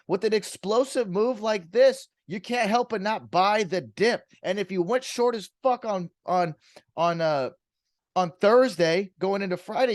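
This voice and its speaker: A man rants about the stock market with heavy swearing and blunt repetition, driving his points home. His voice sits slightly high for a man. The sound is dry and close, with no room around it. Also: no echo. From US West Coast. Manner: profane, emphatic, ranting, repeats himself. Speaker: trading show host. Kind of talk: ranting market commentary.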